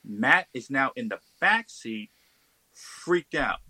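A man, a podcast guest, telling a ghost story in a casual, animated way. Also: medium pitch, takes it slowly, husky, no room sound, poor audio. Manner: animated, acts out quoted voices.

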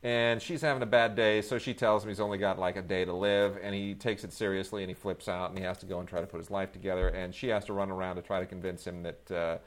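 Rambling low-voiced male film reviewer. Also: fast talker, few pauses, a little hiss or hum. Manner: rambling, many fillers and restarts, animated outbursts. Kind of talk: casual film review chat.

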